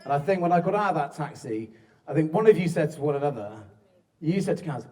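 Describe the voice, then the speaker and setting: At a wedding reception, a young groom from southern England delivers a joking, self-mocking speech and keeps breaking into laughter. His voice is on the high side, expressive, quick and a little mellow, with guests laughing and chatting in the crowd noise around him.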